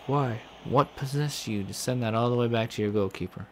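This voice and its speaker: A man's voice: medium pitch, fairly quick, slight background noise. A man commentating his own video game play, swearing and ranting in frustration at the game. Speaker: gaming commentator.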